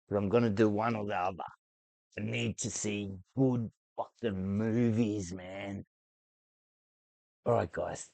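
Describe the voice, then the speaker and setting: Excitable swearing man reacting to films. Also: gravelly, dry recording. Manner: excitable, swears freely, voice leaps high when ranting. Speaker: YouTuber reacting to a film. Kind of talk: casual film reaction chat.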